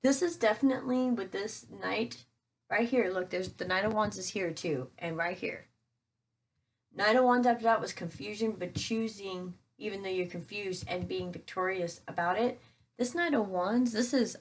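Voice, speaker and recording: A woman's voice: mid-range voice, normal speed. A woman doing a casual tarot reading for her viewers, chatty and talking straight to them with plenty of fillers. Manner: chatty, addresses viewers as guys, thinks aloud with fillers. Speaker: tarot reader.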